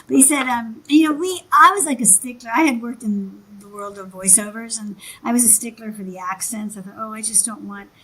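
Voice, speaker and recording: A woman who is a film producer, telling animated anecdotes in a livestream interview. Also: fairly high pitch, a little fast, few pauses, husky, poor audio.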